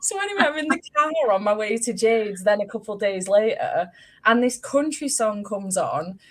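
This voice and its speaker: A woman's voice: mid-range voice, big pitch swings, normal speed, fairly bright tone. A woman, telling stories in a casual chat and swearing freely. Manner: chatty storyteller, swears casually. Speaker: host.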